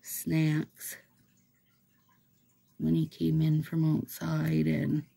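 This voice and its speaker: A woman vlogger chats casually while she does a manicure. Her voice is slow and mellow, with a gravelly, husky texture. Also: low voice, monotone. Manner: rambling, chatty, laughs often.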